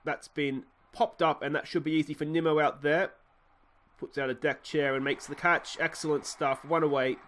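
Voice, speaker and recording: A young Australian man giving rambling commentary on his baseball game, getting excited on big plays. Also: a little high, normal speed, slight background noise. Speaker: let's play host.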